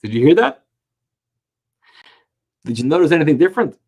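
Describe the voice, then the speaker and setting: A fairly high-voiced man gives a Talmud class, his pitch rising and falling over a wide range as he tells the story. He slows down to stretch the words he wants to stress, and his delivery is emphatic and animated. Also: breathy edge. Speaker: Torah teacher.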